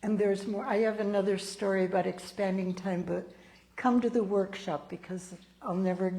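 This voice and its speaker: A woman's voice: mid-range voice, mellow, poor audio. A woman in her sixties, a minister, giving a sermon and telling personal stories, acting out the people she quotes. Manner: slow, storytelling, acts out quoted people. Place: church sanctuary.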